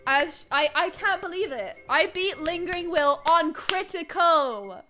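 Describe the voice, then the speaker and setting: A very high, animated woman's voice with a crisp, bright edge. She comments on her game live, muttering under her breath one moment and shrieking the next, with soft music under her mic. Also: measured pace. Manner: excitable, swings from muttering to shrieking; chatty, thanks chat viewers by name. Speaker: streamer.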